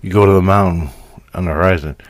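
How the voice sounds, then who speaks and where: Brief: low male voice, frustrated profane vlog rant. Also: steady tone, fast, no echo. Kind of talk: casual spiritual vlog monologue.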